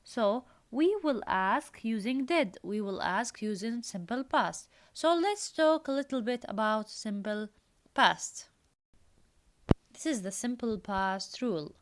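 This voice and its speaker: A woman walks pupils through an English lesson in a slightly high voice. She reads each exercise aloud and repeats the important phrases. She switches into her to explain the grammar. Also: expressive, slow. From Jordan. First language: Arabic. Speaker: English teacher. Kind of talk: recorded classroom lesson.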